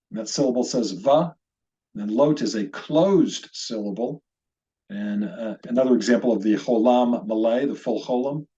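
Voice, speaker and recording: A man's voice: medium pitch, mellow. Patient male Hebrew teacher, lo-fi audio. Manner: patient, methodical explaining, invites viewers to repeat aloud. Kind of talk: recorded video lesson.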